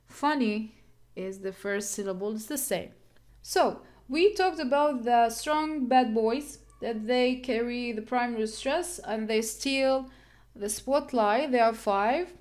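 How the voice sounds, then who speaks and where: A woman teaches English word stress in a patient, unhurried way. She says each example word twice and counts the syllables out loud. Her voice sits a little high and she speaks slowly. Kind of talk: classroom lesson on word stress.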